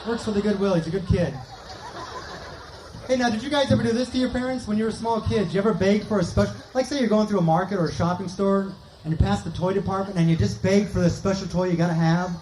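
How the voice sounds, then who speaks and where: A male stand-up comic doing a live set, rattling off jokes, acting out voices and laughing at his own lines. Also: sits high. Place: outdoor park concert stage. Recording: echoey outdoor concert with crowd noise.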